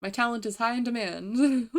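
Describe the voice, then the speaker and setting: A woman streamer talks with her chat in a slow, unhurried way and laughs often. She makes fun of herself and speaks softly into a desk microphone. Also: on the high side. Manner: giggly, self-deprecating, slow and soft-spoken. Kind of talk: casual stream chat with voice impressions.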